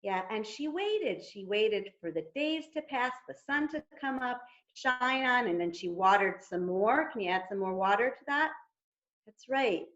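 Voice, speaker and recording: A woman rabbi telling a story to toddlers, gently inviting them to act along. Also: a little high, lively intonation, unhurried. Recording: dull lo-fi recording.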